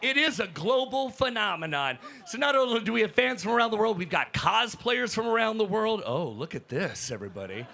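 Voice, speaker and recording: A high, gravelly male hype host works a convention floor. He shouts with excitement and chats with fans as he moves through the crowd. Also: a little fast, hardly any pauses. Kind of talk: energetic live event hosting.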